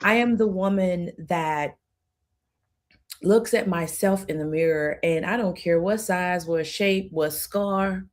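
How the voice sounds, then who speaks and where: Animated woman guest on a podcast. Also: on the low side, slow pace. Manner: animated, laughs often, acts out quotes. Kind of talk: casual podcast conversation.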